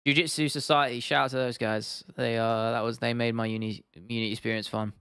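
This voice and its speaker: A man's voice: mid-range voice, flat delivery, brisk, fairly bright tone, smooth, dry recording, studio quality. A young British man in his twenties, live-streaming casually, rambling, swearing now and then and answering chat comments. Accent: British English. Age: 20s. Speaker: YouTube streamer.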